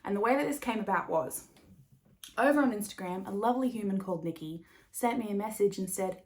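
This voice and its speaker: A woman talks through her knitting podcast in a loose, rambling way, laughing often and dropping the odd swear word. Her voice sits at an ordinary middle pitch for a woman. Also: fairly quick. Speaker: podcast host. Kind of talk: casual chat.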